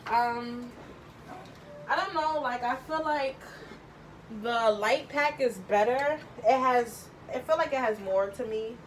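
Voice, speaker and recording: A woman's voice: on the high side, slow, slight background noise, rough recording. A young woman talking through a casual home cooking tutorial, chatty and rambling, thinking aloud with lots of fillers. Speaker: home cook vlogger. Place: home kitchen.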